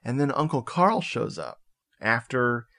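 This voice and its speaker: A man on a podcast casually recapping a movie plot, animated and joking, with swearing and laughing asides. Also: mid-range voice, unhurried, gravelly. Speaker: podcast co-host.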